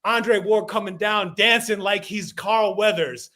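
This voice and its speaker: A man's voice: sits high, a little slow, bright, forceful tone. A man co-hosting a boxing podcast, riffing through an over-the-top comedic scenario in casual chat. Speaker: podcast co-host.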